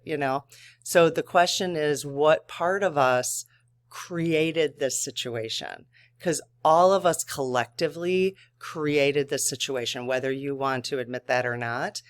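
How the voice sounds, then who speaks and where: A man with a fairly high voice talks to his viewers about spiritual ideas in a relaxed, unscripted way. His tone is smooth and clear, gentle and earnest, and he often restarts a thought mid-sentence while working it out aloud. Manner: thinking aloud, with frequent restarts and fillers. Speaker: host of a spiritual channel. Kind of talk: casual talk to viewers.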